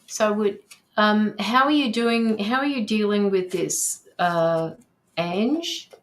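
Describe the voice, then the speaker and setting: A woman's voice: mid-range voice, expressive, slow pace. A woman hosting a live tarot reading, reading viewer comments aloud and reassuring the sitter, with frequent ums and restarts. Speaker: tarot reader hosting a livestream.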